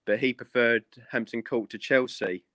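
A man's voice: mid-range voice, steady tone, moderate pace, a bit bright, no echo. A man, a gardener, chatting on a video call in an easygoing, plain-spoken way and often repeating himself. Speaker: guest gardener. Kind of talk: casual chat.

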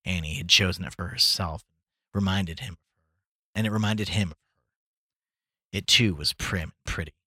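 A man reads a short story aloud for a podcast, lifting his voice into the characters' lines. His voice is a bit low, bright and husky. The recording is dry and close. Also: moderate pace, long pauses, dry recording. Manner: expressive, voices the dialogue dramatically. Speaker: podcast reader.

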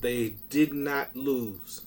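A man co-hosting a casual wrestling podcast, ranting in an animated, profane and excitable way. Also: mid-range voice, very slow. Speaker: podcast co-host.

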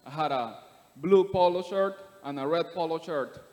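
A man from Panama, giving a steady, earnest personal testimony to a church congregation. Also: on the high side, normal speed. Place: church sanctuary. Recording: long reverb of a church hall.

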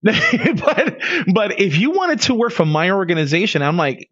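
A man co-hosting a casual podcast talks with an emphatic, animated manner and laughs often. His voice sits a bit high and swings widely in pitch. The recording is dry and slightly dull. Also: moderate pace, slightly rough, no echo. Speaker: podcast co-host. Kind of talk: casual conversation.

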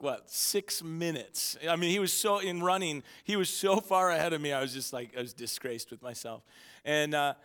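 Man, pastor, bright forceful voice, fairly high, sermon with lively self-mocking stories, long hall reverb. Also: smooth. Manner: energetic storytelling with self-mocking humor. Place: church auditorium.

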